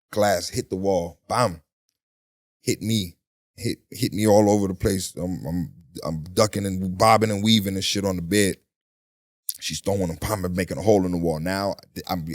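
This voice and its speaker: A middle-aged man in a casual interview, telling a story in animated, profane street talk and acting out the voices. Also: lowish voice. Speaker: guest.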